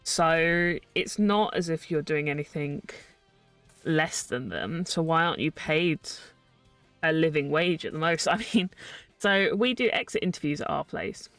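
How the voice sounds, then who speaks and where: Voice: mid-range voice, a little slow, fairly bright tone, no room sound, recorded from a distance. Young adult streamer, chatty and sarcastic, mid-range voice, dry room, faint music under. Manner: chatty, sarcastic ranting with frequent laughs. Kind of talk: casual live-stream chat while building.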